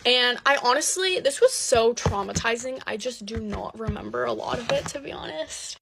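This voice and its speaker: A woman's voice: a little high, expressive, normal speed, vocal fry, a bit bright, faint music behind. A woman telling a personal story in casual chat, candid and swearing freely with plenty of fillers.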